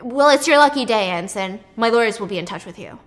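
A woman's voice: a little high, animated, quick pace, lightly acted. Arrogant wealthy businessman, curt and indignant, played by a woman. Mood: smug. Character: irritable, arrogant rich businessman.

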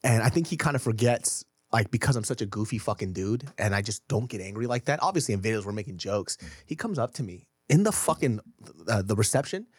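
Animated profane man telling a story. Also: on the low side, a little fast, husky, dry recording, clean studio sound. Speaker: podcast co-host. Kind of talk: casual storytelling chat.

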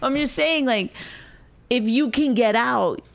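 A middle-aged woman co-hosting a podcast, chatting and teasing in a halting, casual way with many restarts. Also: fairly high pitch, gravelly. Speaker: podcast co-host. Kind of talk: casual banter.

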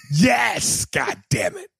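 A man co-hosting a podcast with a very lively, swinging voice, loud and profane, laughing as he talks. The sound is dry and close, with no room around it. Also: high voice, extremely slow, gravelly, slightly rough, no echo. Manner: profane, boisterous, laughs a lot. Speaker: podcast co-host. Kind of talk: casual chat.

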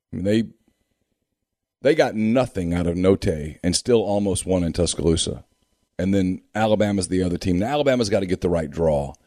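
A man co-hosting a sports talk podcast, reading sponsor spots and breaking down basketball teams in a steady, analytical way. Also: deep voice, no echo, studio quality. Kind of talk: reading sponsor ads and casual sports chat.

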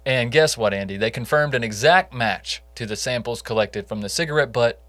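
A man's voice: mid-range voice, brisk, a bit bright, dry recording. A man co-hosting a casual true crime podcast, telling the case in a conversational way with jokey asides. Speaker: podcast co-host.

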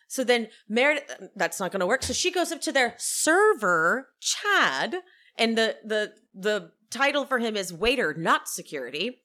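A woman's voice: on the high side, normal speed. A woman podcast host recapping reality TV in a gossipy, chatty way, laughing often. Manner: gossipy, animated, laughing storyteller. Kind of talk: casual recap chat.

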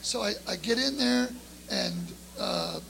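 A middle-aged man and drummer telling an animated story to a live audience, acting out the voices of the people in it. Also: high voice, measured pace, gravelly, slight background noise, rough recording. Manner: lively, acts out the voices in his story. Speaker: guest drummer.

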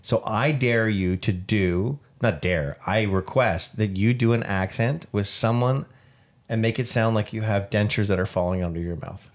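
A man's voice: fairly low pitch, normal speed. A young man co-hosting a podcast in casual chat, joking and chatty. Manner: chatty, jokey. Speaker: podcast co-host.

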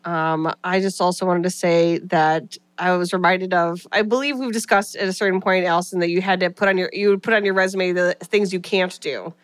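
A woman's voice: lowish voice, steady tone, brisk, hardly any pauses, smooth. A woman co-hosting a comedy podcast in casual, playful, jokey banter. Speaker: podcast co-host.

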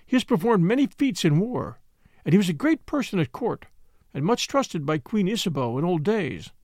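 A man's voice: high voice, sing-song, normal speed, a little mellow, no room sound, studio quality. A man voicing a distraught young noblewoman in an audiobook, pleading and tremulous. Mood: weary. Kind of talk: audiobook character reading.

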